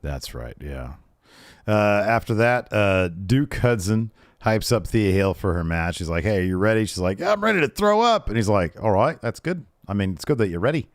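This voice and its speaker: A man's voice: deep voice, expressive, normal speed, no room sound, clean studio sound. A man co-hosting a podcast, recapping wrestling in casual chat with joking, exasperated asides. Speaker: podcast co-host.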